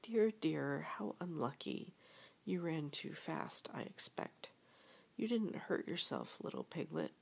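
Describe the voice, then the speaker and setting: A woman voicing a gloomy, mournful old male donkey in a storybook reading, talking slowly in a half whisper. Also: deep voice, lively intonation, creaky, slightly rough, full character voice.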